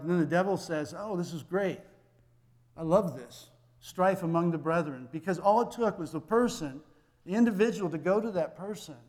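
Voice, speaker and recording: Male pastor, fairly high voice, conversational sermon with acted dialogue, long church reverb. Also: dark tone.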